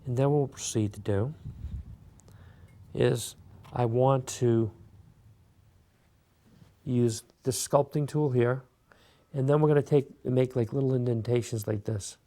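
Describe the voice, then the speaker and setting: A man hosting a beginner clay sculpting tutorial, talking relaxed and casual while he works. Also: medium pitch, unhurried, long pauses. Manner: relaxed, talks while working, many fillers. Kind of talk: step-by-step craft tutorial.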